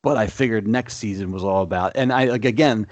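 A man's voice: fairly low pitch, a little fast, no room sound, dull audio. A man co-hosting a podcast. He chats casually and eagerly, with many fillers as he retells his reactions. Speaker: podcast co-host. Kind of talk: casual chat.

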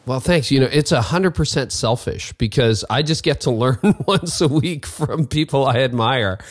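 A man's voice: medium pitch, lively intonation, normal speed, no echo. A middle-aged man hosting a podcast, chatty and upbeat, with frequent fillers. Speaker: podcast host. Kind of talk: podcast ad read and interview. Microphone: video call.

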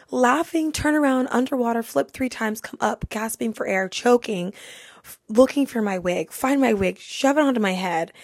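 A woman's voice: a little high, vocal fry, no echo, studio quality. A young woman hosting a podcast, telling a funny story casually and laughing through it. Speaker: podcast host.

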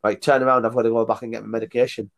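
A man speaks at an ordinary middle pitch, blunt and plain-spoken. He tells stories in a loose podcast chat, acts out what others said, and laughs between his points. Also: level tone, racing. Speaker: guest, outdoor tour leader. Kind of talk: casual podcast storytelling.

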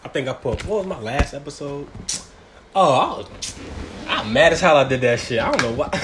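A man's voice: mid-range voice, lively intonation, fast talker, noisy background. A young man hosting a casual solo podcast, talking in a profane, rambling, slang-heavy way. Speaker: podcast host.

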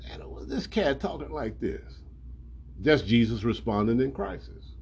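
Husky, lively preacher man. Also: medium pitch, normal speed. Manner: colloquial and emphatic, acting out scripture. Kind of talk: sermon.

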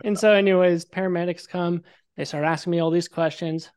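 A man's voice: high voice, brisk, clear, resonant tone. A young man, a podcast guest, telling his story casually and vividly, swearing freely and acting out what people said. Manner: animated, swears freely, acts out quotes.

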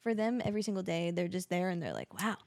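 A woman's lowish, dark voice moves fast with big pitch swings, free of room sound. She's a mother co-hosting a casual home podcast with children nearby, rambling through lots of fillers and frequent laughter.

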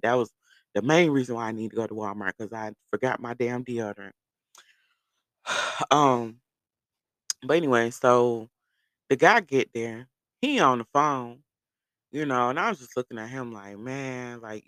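A man telling a long personal story to his viewers in a loose, animated, profane way, laughing as he goes. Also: mid-range voice, dry recording. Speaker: vlogger. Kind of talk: casual storytelling.

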